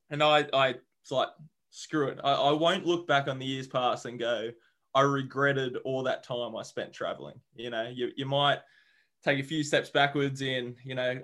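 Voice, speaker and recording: A young man who is a guest on a podcast, telling a travel story casually, lively and swearing freely as he acts out what people said. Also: medium pitch.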